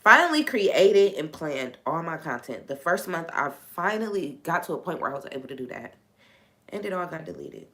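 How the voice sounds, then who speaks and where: A woman's voice: low-pitched, very animated, normal speed, bright, forceful tone. A woman hosting a faith talk on a live stream, venting frankly and swearing freely.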